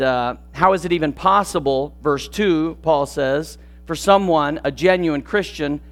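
A man preaching a sermon as pastor, earnest, praying slowly and quietly, then building emphasis as he asks questions and reads scripture. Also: fairly high pitch. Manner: hushed, slow and reverent in prayer. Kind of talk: sermon with prayer and scripture reading.

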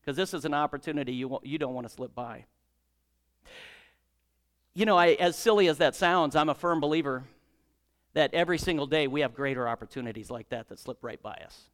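A male preacher with a fairly high, clear, resonant voice. He talks in a conversational storytelling way and acts out the dialogue of his story. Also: a little fast, pauses often, a bit bright. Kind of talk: sermon with prayer and storytelling.

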